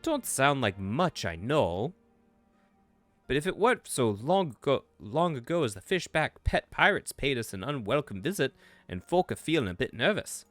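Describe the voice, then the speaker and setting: A man voicing a gruff, brash tavern keeper in a swashbuckling British rogue accent, reading game dialogue. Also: medium pitch, sing-song, moderate pace, no echo, soft background music, voice pushed up, natural voice. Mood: boisterous.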